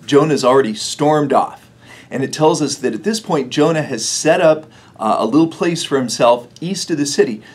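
A man's voice: mid-range voice, slightly rough. A man preaching a sermon in a church, telling the story in a conversational way and chuckling often. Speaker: pastor.

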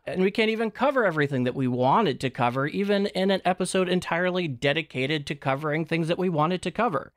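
A man co-hosting a history podcast, speaking in a wry, animated way. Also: on the high side, quick pace, hardly any pauses, no echo, clean studio sound. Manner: wry, animated, recites set rules. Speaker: podcast co-host. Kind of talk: casual history podcast chat.

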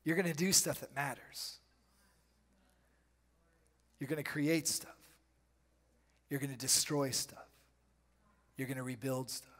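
A man preaching a charismatic sermon in a church, breaking into loud bursts and dropping into quiet, slangy asides. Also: medium pitch, steady tone. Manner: preaching with sudden loud bursts and dramatic pauses. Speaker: pastor. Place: church sanctuary. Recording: reverberant church hall.

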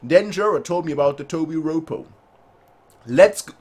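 Animated man reacting to manga. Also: fairly high pitch, moderate pace, long pauses, breathy edge. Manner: animated, puts on silly voices for characters. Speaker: manga reaction channel host. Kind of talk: excited manga reaction commentary.

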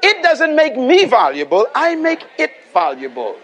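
Male preacher, Bahamian accent, very high voice, emphatic, call-and-response, faint crowd behind. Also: huge pitch swings, moderate pace, fairly bright tone. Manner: emphatic, repeats lines and calls for audience response. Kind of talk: sermon. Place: live venue before a congregation.

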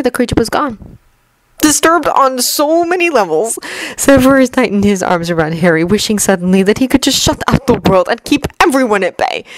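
A woman reading fanfiction aloud as an audiobook, in steady, measured storytelling. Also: mid-range voice, no echo, low-quality recording. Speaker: fanfiction reader. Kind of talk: audiobook narration.

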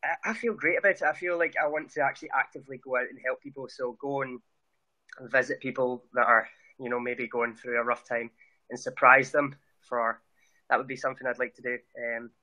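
A man's voice: mid-range voice, steady tone, brisk, bright, forceful tone, low-quality recording. A man with a Scottish accent chatting earnestly as an interview guest over a video call, often restarting his sentences. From Scotland. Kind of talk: casual interview chat.

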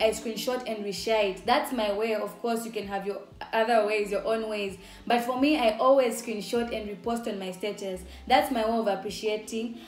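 A young woman speaks with a Zambian accent, her voice pitched a little high and full of chatty cheer. She talks straight to camera in a casual vlog style, laughing easily. The room is echoey, with faint music playing underneath. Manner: upbeat, chatty, laughs often. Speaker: YouTuber.

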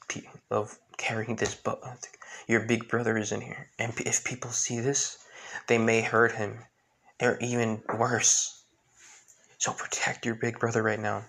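A man voicing a dying, gentle father who speaks quietly in a breathy half-whisper. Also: fairly low pitch, full character voice.

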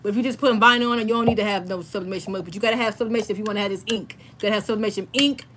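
A woman's voice: medium pitch, steady tone, racing, fairly bright tone, slight background noise. A woman in her thirties, hosting a casual crafting livestream from home and chatting familiarly with her viewers.

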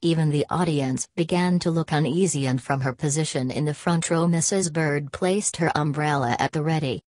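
A woman narrating a children's storybook in a clear, measured way. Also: low-pitched, darkish tone, no room sound. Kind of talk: storybook reading.

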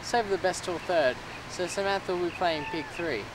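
A self-important theatre director, played by a man talks about himself with pompous pride. His voice sits high for a man. It comes from a mockumentary comedy. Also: moderate pace, background noise, natural voice. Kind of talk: mockumentary interview.

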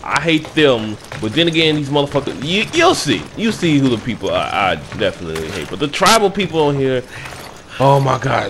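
A man's voice: mid-range voice, sing-song, fairly quick, a little hiss or hum. A man giving casual, profane commentary while playing a video game, often talking to the characters on screen. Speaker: gameplay commentator. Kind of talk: casual let's-play commentary. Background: loud game music.

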